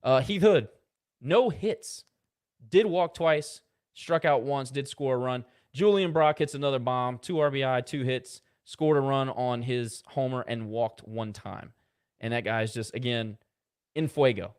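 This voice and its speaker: A man co-hosting a casual sports podcast, rattling off box-score stats with quick asides. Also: medium pitch, a little mellow, smooth. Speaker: podcast co-host.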